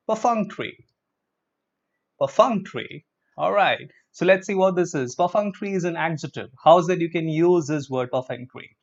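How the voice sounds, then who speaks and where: A male teacher, giving a live vocabulary lesson and drawing out words slowly to drill their pronunciation. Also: fairly high pitch. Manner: drills pronunciation with slow, drawn-out repetitions. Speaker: English teacher. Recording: dull lo-fi stream audio.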